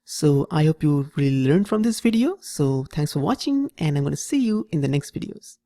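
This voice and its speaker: A man's voice: a little high, big pitch swings, normal speed, mellow, dry recording. A man teaching programming in a screen-recorded tutorial, patiently repeating each step and checking in with "okay?". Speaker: programming instructor.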